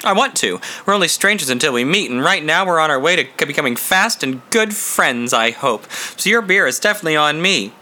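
A frantic, guilt-torn young man who pleads and breaks into desperate shouts, as a male narrator puts him on. The voice is very bright and sharp-edged, and the tone is pitched a little above the reader's plain telling. It belongs to a spoken storybook. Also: lively intonation, a little fast, hardly any pauses. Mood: eager, charming.

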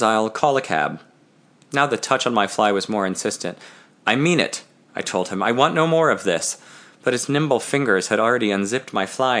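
A man with an ordinary mid-range voice narrates a novel in the first person. His reading is steady and deliberate, with the plain delivery of an audiobook. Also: mid-range voice.

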